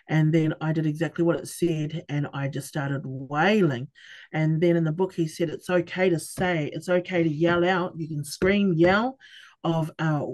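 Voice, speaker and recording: A middle-aged woman, a podcast guest sharing her personal story candidly, with halting restarts and acted-out quoted conversations. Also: sits low, a little mellow.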